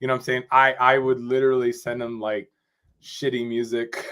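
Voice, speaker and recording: A man from Rochester, New York, a drummer guesting on a podcast, telling a story in a rambling, animated way and often asking "you know what I'm saying". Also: mid-range voice, normal speed. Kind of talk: casual storytelling interview.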